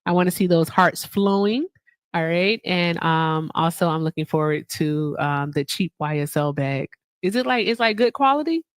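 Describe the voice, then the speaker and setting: A chatty woman hosting a live stream, speaking in with a slightly low voice. She reads messages from her chat and gives shout-outs. The sound is dry and close. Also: animated, moderate pace, dry recording. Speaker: livestream host.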